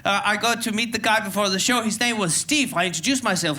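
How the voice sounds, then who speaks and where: On a theatre stage before a live audience, a Venezuelan man with a Venezuelan Spanish accent hosts a stand-up comedy show. His voice is high-pitched, quick, pushed and bright as he hypes the crowd with playful energy.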